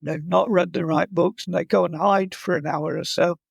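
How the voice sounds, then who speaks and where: A man's voice: high voice, fairly even intonation, normal speed, creaky, slightly rough, no echo, lo-fi sound. A man who teaches fly casting and guides, chatting in an interview and telling humorous stories. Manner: humorous, anecdotal storyteller. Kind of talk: casual interview chat.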